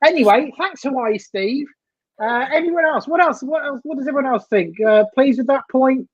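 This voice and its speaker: A man's voice: extremely high pitch, moderate pace, dry recording, lo-fi sound. A man co-hosting a football fan live stream, chatting casually and joking around, throwing in slang. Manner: chatty, jokey, drops in slang.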